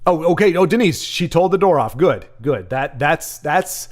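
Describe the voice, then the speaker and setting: A man with a slightly high voice hosts a live card-game stream. He rambles through a rant about his gadgets, then drifts into loose commentary on the match and chats with his viewers. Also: moderate pace. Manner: rambling, ranting, animated asides to chat. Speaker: stream host and caster. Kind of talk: casual livestream chat and game commentary.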